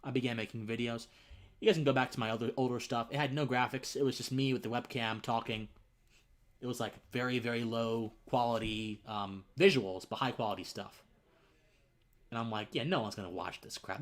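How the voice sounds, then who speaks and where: A young political podcaster and streamer with a mid-range voice delivers an emotional live-stream monologue. He's earnest and halting, repeating words and dropping to near-whispers.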